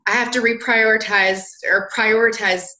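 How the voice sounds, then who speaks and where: A woman's voice: a little high, fairly even intonation, normal speed, sharp tone, muffled recording. A woman from South Carolina with a Southern accent, a guest on a podcast interview who talks in a bubbly way and laughs often. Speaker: guest, lawyer and blogger.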